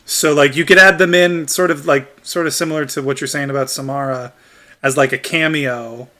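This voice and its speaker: Bright-voiced male streamer chatting over gameplay. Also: fairly high pitch, steady tone, moderate pace. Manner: rambling, laughs often, filler-heavy. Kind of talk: casual gameplay chat.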